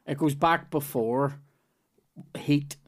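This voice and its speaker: A man, hosting a podcast in casual chat, rambling and excitable, often tripping over his words. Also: on the high side, takes it slowly. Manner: rambling, excitable, self-interrupting. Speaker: podcast host.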